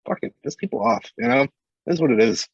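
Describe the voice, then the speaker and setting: A man's voice: medium pitch, expressive, fairly quick, breathy edge, no room sound, dull audio. A man in casual podcast chat, outspoken and blunt, swearing freely.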